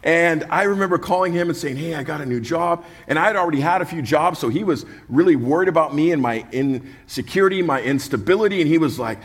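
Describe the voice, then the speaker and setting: A man's voice: fairly high pitch, fairly quick, hardly any pauses. A male pastor preaching a sermon, earnest and passionate, weaving humorous personal stories into his message.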